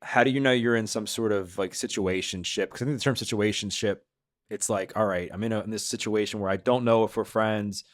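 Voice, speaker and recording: A man's voice: fairly low pitch, fairly even intonation, brisk. A man hosting a podcast who asks long, searching interview questions. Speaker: podcast host.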